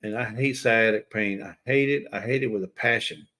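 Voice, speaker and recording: A man's voice: lowish voice, brisk, pushed and bright. A man hosting a casual livestream, chatting and teasing his viewers by name. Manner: chatty, teasing, talks straight to chat viewers. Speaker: livestream host.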